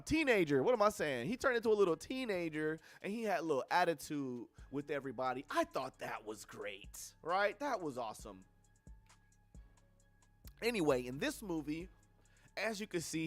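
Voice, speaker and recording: On a livestream, a young man with a fairly high voice rants casually about a film, blunt and profane, tossing in slangy asides. The audio has no echo.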